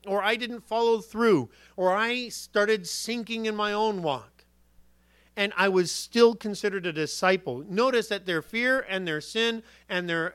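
Male pastor, high bright voice, relaxed storytelling sermon, dry close sound. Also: clean tone, no echo. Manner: conversational, animated storytelling with asides.

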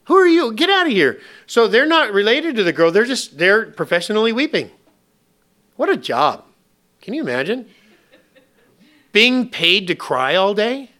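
A man preaching a sermon in an animated, conversational way, full of rhetorical questions and humor. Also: high voice. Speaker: pastor.

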